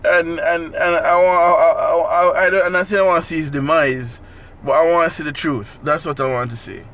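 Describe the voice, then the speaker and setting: A man, co-hosting a podcast in casual chat, agreeable and quick to laugh, repeating phrases. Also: on the high side, fairly even intonation, a bit bright. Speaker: podcast co-host.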